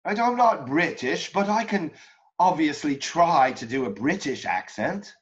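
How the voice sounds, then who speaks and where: A man coaching an acting student, talking in a relaxed, chatty way with frequent restarts. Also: a little high, a little slow. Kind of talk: coaching session. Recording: dull lo-fi audio.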